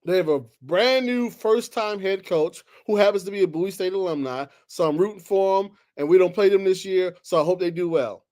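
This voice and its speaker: Male sports talk host with a high voice, ranting in heated, exasperated bursts. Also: fairly quick, few pauses. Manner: heated, exasperated, swings between loud outbursts and low muttering. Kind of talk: animated solo sports talk.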